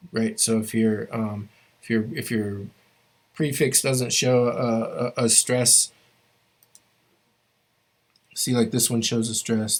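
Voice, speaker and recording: A man teaching a language class, explaining grammar rules step by step and often stopping to restart his phrases. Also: fairly low pitch.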